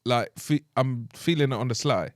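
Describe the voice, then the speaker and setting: A man's voice: mid-range voice, moderate pace, no room sound, clean studio sound. A man hosting a casual comedy podcast, playful and boastful, often breaking into laughter. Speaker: podcast host.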